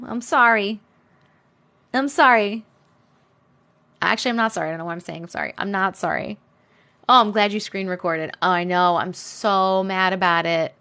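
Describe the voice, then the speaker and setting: A woman's voice: a little high, a bit bright. A woman hosting a casual live stream, chatting, reading viewer comments aloud and greeting viewers by name with frequent laughs.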